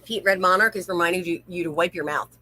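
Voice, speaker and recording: A woman's voice: on the low side, fast talker, bright, forceful tone, poor audio. A woman hosting a casual late-night livestream, reading viewer comments aloud and chatting, laughing easily. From North Carolina, USA. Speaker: livestream host.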